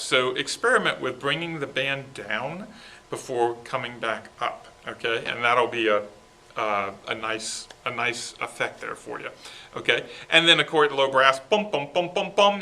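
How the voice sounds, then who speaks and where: Bright-voiced man coaching a school band. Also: mid-range voice, normal speed. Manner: coaching, sings parts with syllables; keeps checking in with okay. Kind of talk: rehearsal instruction.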